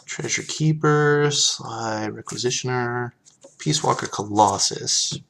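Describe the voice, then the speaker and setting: A man's voice: medium pitch, slow, vocal fry, fairly bright tone, a little hiss or hum. A man casually chatting on a live stream, reading card text aloud and thanking viewers as he opens packs.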